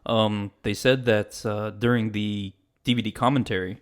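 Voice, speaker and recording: A man with a low-pitched voice in a relaxed movie podcast chat. He pads his points with ums and likes, stopping to restart his sentences. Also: moderate pace. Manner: chatty, hesitant with fillers. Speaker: podcast co-host. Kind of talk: casual movie review chat.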